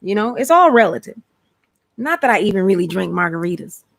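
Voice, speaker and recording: Brisk and creaky, with a mid-range voice, an Atlanta-born host carries her Georgia Southern accent through a relaxed live stream. Her talk is full of slang, energy, and exclamations as she chats away.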